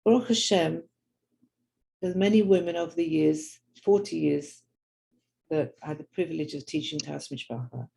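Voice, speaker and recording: An older woman with a London accent tells true stories in an earnest, personal way, acting out the people she quotes along the way. Her voice is gravelly and mellow, with a warm, darker tone. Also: low voice, normal speed, rough recording. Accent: London English. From grew up in London. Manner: earnest storyteller who acts out quoted people. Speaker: Jewish women's teacher and speaker. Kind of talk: personal storytelling talk.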